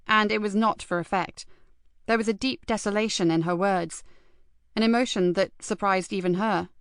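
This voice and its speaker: A woman narrating an audiobook in a measured, even storytelling manner. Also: mid-range voice, clear, resonant tone, no echo, studio quality. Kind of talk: scripted narration.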